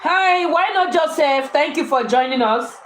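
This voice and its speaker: Emotional woman, higher voice, roomy echo. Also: unhurried, fairly bright tone, a little hiss or hum. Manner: emotional, repeats and restarts phrases. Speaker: co-host of a live anniversary stream. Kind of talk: emotional live chat with viewers.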